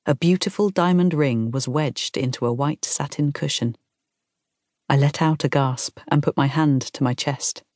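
A woman reading a first-person novel aloud in a calm, measured storytelling manner. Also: low-pitched, dry recording, studio quality. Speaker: audiobook narrator. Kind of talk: scripted first-person narration.

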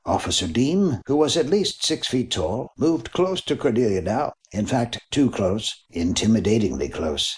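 A man's voice: lowish voice, moderate pace, few pauses. A man narrating a mystery novel as an audiobook, reading expressively. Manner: expressive reading with voiced characters.

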